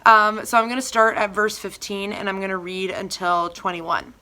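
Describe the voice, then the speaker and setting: Young woman, bright clear voice, chatty devotional talk, lots of fillers. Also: mid-range voice, moderate pace, few pauses. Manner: chatty, filler-heavy, animated retellings. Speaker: church member giving a devotional. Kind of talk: casual devotional talk with scripture reading.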